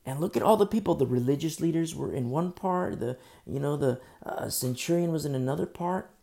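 A man preaching a sermon as pastor, emphatic and repetitive, swinging between loud bursts and hushed asides. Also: on the high side, animated, a little fast, vocal fry. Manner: repetitive, with frequent fillers.

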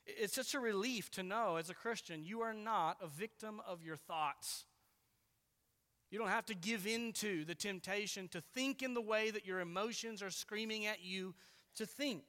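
A man preaching a sermon, earnest and deliberate, slowing down to stress key words. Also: high-pitched, sharp tone. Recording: long reverb of a large hall.

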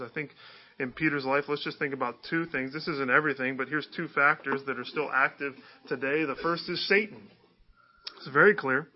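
A man's voice: mid-range voice, slightly rough, dull audio. A man preaching a sermon in a conversational way, often asking his listeners rhetorical questions. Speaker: pastor.

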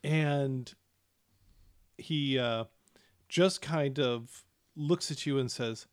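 A man's voice: medium pitch, drawn-out words, pauses often, smooth, no room sound, clean studio sound. A man narrating as game master for a tabletop game, hesitant with many fillers and restarts.

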